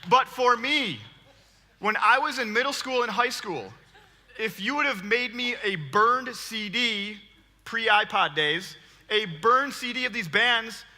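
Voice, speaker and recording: Male preacher, 30s, high bright voice, playful storytelling sermon, big church hall reverb. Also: slow pace. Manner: animated, joking, laughs often. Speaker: guest preacher.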